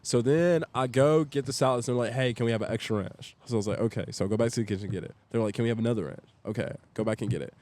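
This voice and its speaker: A young man tells a story as a podcast guest, in a loose and chatty way. He gets animated and acts out each quoted line as he goes. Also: mid-range voice, racing, hardly any pauses. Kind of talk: casual storytelling.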